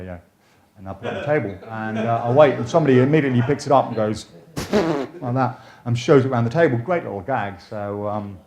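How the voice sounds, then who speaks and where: A man's voice: mid-range voice, darkish tone. A man lecturing fellow magicians in a chatty, jokey way, often restarting his sentences. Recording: echoey room.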